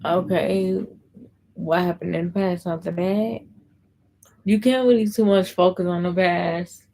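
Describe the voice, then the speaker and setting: Low, gravelly woman chatting on a live stream. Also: fairly even intonation, a little slow, warm tone, slight background noise, poor audio. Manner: chatty, reads and answers viewer comments. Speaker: livestream host. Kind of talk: casual livestream chat.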